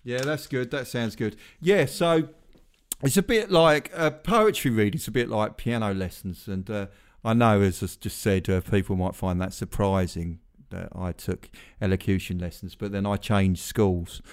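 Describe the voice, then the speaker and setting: A man's voice: deep voice, steady tone, normal speed, a little mellow, clean tone. A man hosting a podcast, chatting casually in a rambling way with self-deprecating asides. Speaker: podcast host. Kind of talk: casual chat.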